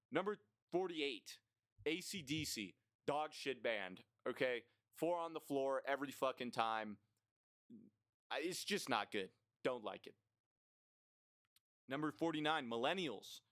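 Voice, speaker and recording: A man's voice: mid-range voice, a bit bright, clean tone, dry recording. Blunt, profane young man ranting. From United States. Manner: blunt, profane, rambling with fillers. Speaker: vlogger. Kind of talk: ranting list monologue.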